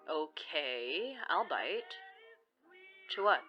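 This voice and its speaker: A woman's voice: low-pitched, big pitch swings, very slow, muffled recording, soft background music, exaggerated voice. A woman playing a wry, teasing witch. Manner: teasing, dry humor. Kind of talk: audio drama acting.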